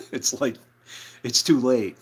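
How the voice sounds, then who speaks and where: A former band member tells a story from his own life, rambling casually with plenty of fillers and restarts. His voice is mid-range with a breathy edge.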